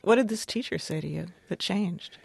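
A woman interviewer asking calm, probing questions. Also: mid-range voice, moderate pace, vocal fry, slightly rough, dry recording.

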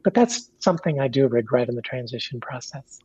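A woman from Kentucky talks as a radio interview guest in a measured, candid way, pausing with fillers and restarts. Her voice is husky. The line sounds dry and muffled. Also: a bass voice, lively intonation, dark tone, no room sound. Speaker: guest, pastor and author.

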